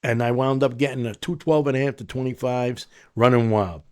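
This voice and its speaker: A man from New with the to match, talking through his own story on a podcast. He tells it in an animated, streetwise way, slipping into other people's voices as he goes, at a medium, everyday pitch. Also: a little fast, clear, resonant tone. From New York. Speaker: podcast guest. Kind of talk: telling his life story in conversation.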